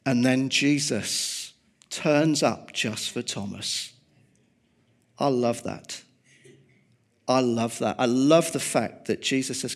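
A man preaching a sermon, swinging from loud emphasis to hushed, quiet tones. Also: mid-range voice, slow pace, pauses often.

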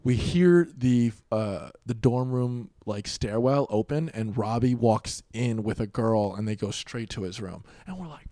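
A young man in his twenties telling wild party stories in casual chat, swearing a lot and acting out quotes loudly. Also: medium pitch, unhurried, few pauses, dry recording, studio quality.

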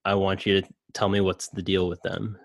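Laid-back young man hosting, low voice. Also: flat delivery, moderate pace, gravelly, no room sound, clean studio sound. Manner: laughs often, loose and joking. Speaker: podcast host. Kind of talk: casual improv chat.

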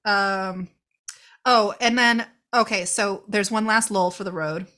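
A podcast co-host talks through a movie in casual, animated chat, laughing and swearing as she performs the characters. Her mid-range voice has a sharp tone, fairly even intonation, and a slow pace.

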